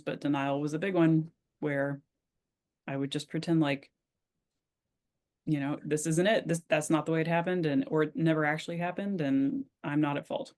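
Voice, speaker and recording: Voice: mid-range voice, darkish tone. Reflective, hesitant podcast co-host. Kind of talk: casual podcast chat.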